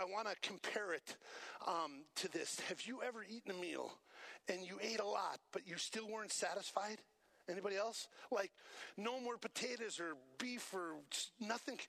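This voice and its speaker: A man preaching a sermon as pastor, animated and asking the congregation to repeat lines after him. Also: high-pitched, dry recording.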